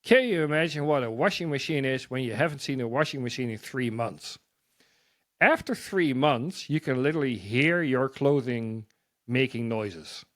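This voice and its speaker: A man sharing a personal testimony as a guest, halting and repeating words as he tells his story. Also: medium pitch, no room sound.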